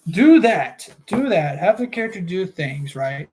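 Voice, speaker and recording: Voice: medium pitch, very animated, unhurried, darkish tone. A streamer reading a book aloud on a livestream, chatting casually and rambling with many fillers.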